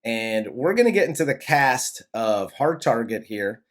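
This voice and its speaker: A man's voice: mid-range voice, very animated, unhurried. A man co-hosting a casual movie review show. He talks in a laid-back, profane way and laughs often. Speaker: podcast co-host, movie reviewer. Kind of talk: casual chat.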